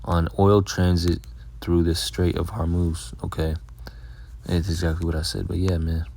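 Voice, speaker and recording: A Bible teacher with a low, level, gravelly and slightly mellow voice gives a casual, blunt lesson. He swears freely and fills every pause with "all right" and "man," yet reads scripture slowly and deliberately.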